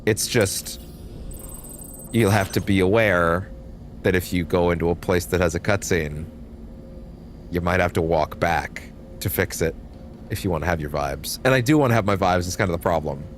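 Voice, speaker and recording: A man's voice: sits low, normal speed, pauses often, slight background noise. A young man giving casual, rambling commentary while streaming a game, swearing offhandedly.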